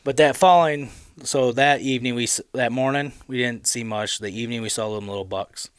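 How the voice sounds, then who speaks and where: A man with a Midwestern American accent tells a hunting story in loose, casual podcast chat. He rambles and restarts often in a mid-pitched voice. The sound is dry and close. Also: fairly quick, smooth, dry recording. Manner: rambling, animated retelling with many restarts. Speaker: podcast host.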